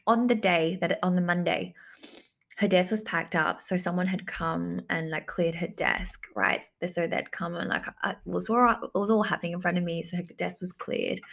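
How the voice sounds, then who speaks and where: This coach speaks to camera in a low-ish, gravelly voice with fairly even intonation and a moderate pace. Telling a personal story reflectively to her audience, she leans heavily on fillers like "like" and keeps returning to the same phrases.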